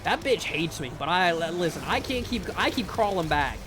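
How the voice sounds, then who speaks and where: A man streaming live, chatting casually with his viewers in a rambling, profane way, with bursts of excited sing-song greetings. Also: high-pitched, normal speed, background noise.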